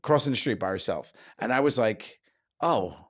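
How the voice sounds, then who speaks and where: A man, co-hosting a podcast and telling stories in an animated way, laughing often. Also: medium pitch, fairly quick. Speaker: podcast co-host. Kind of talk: casual comedic storytelling.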